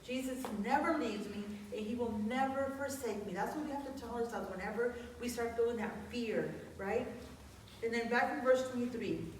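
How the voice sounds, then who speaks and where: A woman's voice: on the high side, normal speed, far from the mic, slight background noise. Woman preaching in an echoey church. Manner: chatty and earnest, with many fillers and restarts. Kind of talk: conversational sermon. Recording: echoey church hall from afar.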